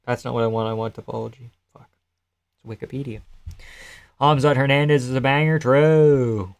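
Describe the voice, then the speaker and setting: A man's voice: medium pitch, steady tone, moderate pace, gravelly, clean tone. Man rambling casually on a live stream. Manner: loose, rambling, profane, answers chat messages. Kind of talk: casual live-stream chat reacting to a fight card.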